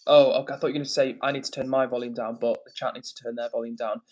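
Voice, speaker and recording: An English man hosting a casual livestream, upbeat and chatty as he reads out comments and gives shout-outs. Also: medium pitch, flat delivery, very fast, poor audio. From England. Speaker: livestream host.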